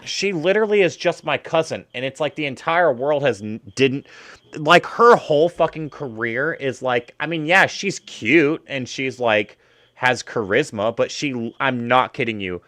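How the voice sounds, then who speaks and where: A man's voice: mid-range voice, animated, unhurried, fairly bright tone. Foul-mouthed ranting male streamer. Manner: crude, ranting, heavy swearing. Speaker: streamer host. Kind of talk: casual chat while watching videos.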